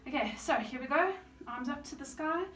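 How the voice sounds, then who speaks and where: A woman's voice: high voice, moderate pace. A woman teaching a yoga class and calling out breathing and squat cues while doing the moves herself, a little out of breath. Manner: calm counting cues while exercising. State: slightly out of breath. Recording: echoey room, mic far off, faint hiss.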